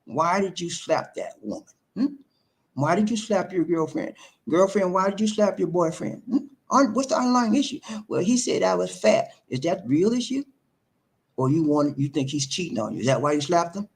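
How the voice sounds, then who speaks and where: A man's voice: high-pitched, sing-song, moderate pace. A man, hosting an emphatic, preachy monologue on relationships, full of repetition and rhetorical questions. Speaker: relationship talk host.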